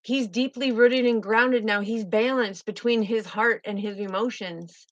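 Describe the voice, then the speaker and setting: A woman with a fairly high voice reads tarot cards in a fervent, emotive way and repeats her key phrases. The sound is close and dry, and a little dull and muffled. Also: unhurried, dry recording. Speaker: tarot reader. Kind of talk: spiritual tarot reading.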